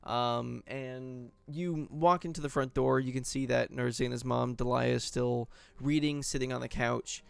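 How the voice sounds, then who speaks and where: A man's voice: medium pitch, steady tone, a little slow, creaky, hardly any pauses, clear, resonant tone, no room sound. A man narrating a tabletop game as game master, setting scenes loosely with plenty of fillers.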